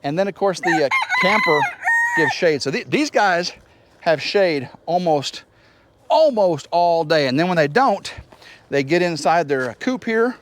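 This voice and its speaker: Guy rambling round his homestead outdoors, kinda high voice, jumps all over in pitch. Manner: rambling, folksy, teases his rooster. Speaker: homestead vlogger. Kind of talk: casual walk-and-talk tour. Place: outdoors on a wooded homestead, walking.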